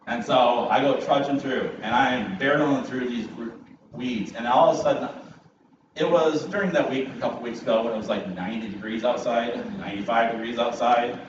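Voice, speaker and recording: A man preaching at middle pitch, telling a lively, self-mocking story to a congregation. He sounds set back from the microphone, and his voice rings through a large, echoey church hall. The sound is slightly muffled, with a clear layer of room ambience underneath. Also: fairly quick, recorded from a distance, a little hiss or hum. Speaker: guest preacher. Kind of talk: sermon opening with a personal story. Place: church sanctuary.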